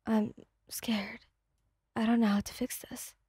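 A woman's voice: fairly high pitch, little pitch movement, unhurried, dark tone, breathy edge, no room sound, clean studio sound. A woman reading the part of an anxious, withdrawn young person who answers hesitantly. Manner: hesitant, evasive.

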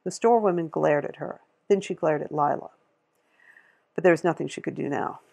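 A woman reading a novel aloud in a steady, measured way, with a gravelly, husky voice. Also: low-pitched. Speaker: audiobook reader.

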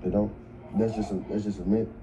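A man's voice: fairly low pitch, level tone, brisk. A man in casual group chat, bantering in slangy, joking talk. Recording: noisy casual recording.

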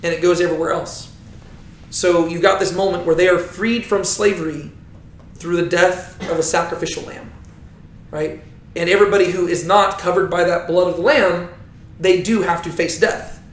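A man's voice: sits high, fairly even intonation, moderate pace, slight background noise. A man teaching a Bible lesson, telling the story with animation and often checking in with "right?". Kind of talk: teaching talk. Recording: roomy echo.

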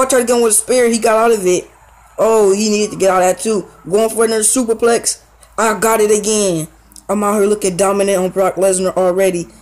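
High-pitched and heard through a low-quality recording, a young gaming YouTuber offers excitable play-by-play of his own wrestling video game match. His commentary is casual, full of slang and fillers.

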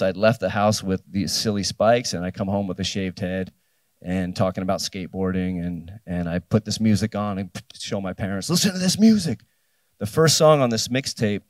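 A low-pitched, somewhat mellow voice with no room sound. The speaker is a New Jersey man in his fifties giving a festival keynote, telling a personal story and acting out what people said.

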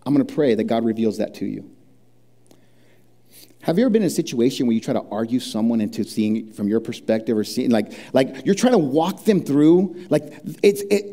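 A middle-aged man preaching a sermon, chatty and conversational, asking the congregation questions and sinking low and quiet when he speaks of prayer. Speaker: pastor.

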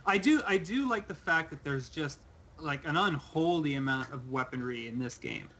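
Brief: young male gaming co-host, bright sharp tone, stumbles over his words eagerly. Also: fairly high pitch, expressive, normal speed, a little hiss or hum. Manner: stammers and restarts, enthusiastic. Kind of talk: casual gaming chat.

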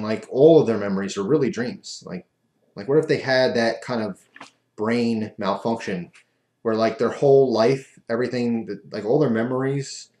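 A man's voice: lowish voice, darkish tone. A man casually telling a rambling, self-amused story as a vlogger, recorded in an echoey room.

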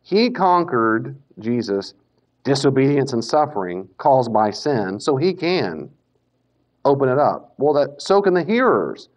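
Man giving a lively Bible lecture. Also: medium pitch, unhurried. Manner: animated, acts out quoted speakers, self-corrects. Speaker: Bible teacher. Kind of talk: casual classroom lecture. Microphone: Bluetooth mic that cuts out. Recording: dull lo-fi lecture recording.

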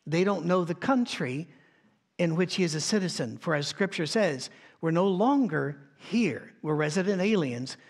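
Male pastor, slightly high voice, conversational sermon with frequent restarts, on a church sound stage. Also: animated, normal speed, breathy edge.

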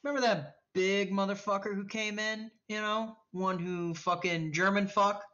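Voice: mid-range voice, steady tone, moderate pace, bright, forceful tone, pitched above the performer's own voice, lightly acted. A game master voicing a casual, hard-bitten male mercenary who swears offhandedly, on dull lo-fi stream audio. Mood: offhand, gruff.

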